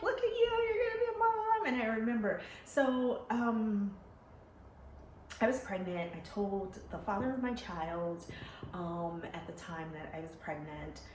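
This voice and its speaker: A woman telling her own life story to her viewers, emotional and animated, acting out the voices she quotes. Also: mid-range voice. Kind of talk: personal storytelling to camera. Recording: echoey room with faint ambient noise.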